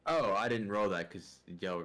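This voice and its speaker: Low-voiced young man, low-key player. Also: lively intonation, moderate pace, fairly bright tone, faint music behind. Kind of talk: casual chat during a tabletop game.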